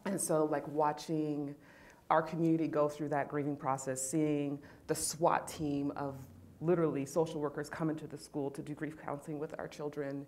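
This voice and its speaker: A woman's voice: low-pitched, level tone, moderate pace, darkish tone. A woman from California speaking on a panel, telling an emotional personal service story in a heartfelt way.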